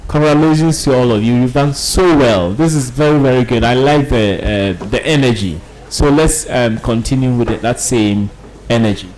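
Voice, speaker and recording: A man with a mid-range voice hosts a spelling competition. He reads each word slowly and with careful enunciation. He announces results calmly and encourages the spellers, sometimes pausing on fillers. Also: medium pitch, a little hiss or hum, poor audio. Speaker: spelling competition pronouncer and host. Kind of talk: reading out words and announcing results.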